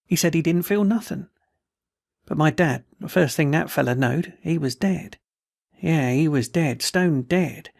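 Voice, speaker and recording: A man's voice: on the high side, a little slow, creaky, a little mellow, no room sound, studio quality. A man voicing a wounded, tattered male soldier who rambles in a folksy, slurred, way. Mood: worried. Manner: folksy, pleading, words slurred.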